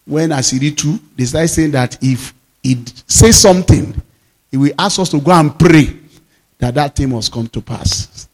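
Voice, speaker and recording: A man with a Nigerian accent, a pastor preaching and telling lively personal stories in a sermon, slipping into Yoruba. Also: fairly high pitch, normal speed. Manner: lively storytelling, mixes English with Yoruba. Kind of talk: sermon storytelling.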